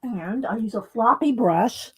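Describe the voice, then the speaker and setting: A woman talking casually through a mixed-media craft tutorial, hoarse and losing her voice, often clearing her throat and muttering to herself as she paints. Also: a little high, unhurried, background noise. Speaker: mixed-media art creator.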